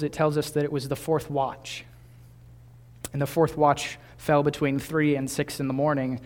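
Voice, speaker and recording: A young man in his twenties preaching a sermon in a conversational way, with small laughs and restarts. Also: on the high side. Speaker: pastor.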